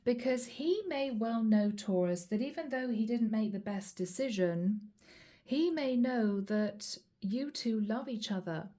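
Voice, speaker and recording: Chatty woman reading tarot, mellow voice. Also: on the high side, expressive, measured pace. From Europe. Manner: chatty, addresses viewers as guys, acts out quoted lines. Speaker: tarot reader. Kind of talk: channeled tarot reading to camera.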